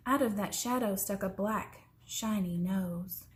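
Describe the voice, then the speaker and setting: Slow, expressive woman reading a story. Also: medium pitch. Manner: expressive, slows down for suspense, sometimes drops to a whisper. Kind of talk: reading a children's story aloud.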